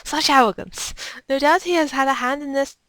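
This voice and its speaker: A haughty, imperious official lady who dismisses people with a pompous accent, as a woman puts her on. She speaks loudly and sharply. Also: high voice, normal speed, no room sound, clean studio sound, voice pushed up. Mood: scornful. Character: haughty female merchant official, imperious and brisk.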